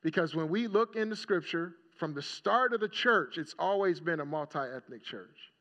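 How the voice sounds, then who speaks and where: A man's voice: a little high, expressive, normal speed, bright, forceful tone. A male pastor giving a sermon in a casual storytelling manner, often checking in with the congregation. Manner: conversational storytelling, checking in with "right?". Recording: dull lo-fi recording.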